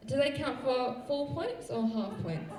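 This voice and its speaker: Woman MC, high and lively, playful patter over a loud crowd in an echoey venue. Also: unhurried. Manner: playful, teasing, laughs often. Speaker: burlesque show MC. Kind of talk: live stage hosting. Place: large indoor venue. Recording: distant mic in an echoey hall with crowd.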